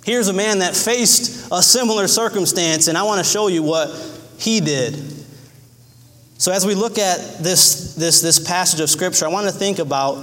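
Earnest high-voiced preacher in a reverberant hall. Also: male voice, moderate pace, fairly bright tone. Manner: earnest, repeats phrases, acts out cries in a high voice. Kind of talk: sermon.

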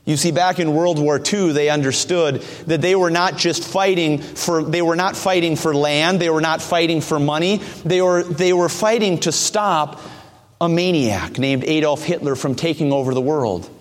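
A man with a high-pitched voice delivers an earnest, emphatic sermon. He acts out quoted voices as he preaches, and his words ring with a long hall reverb. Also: normal speed.

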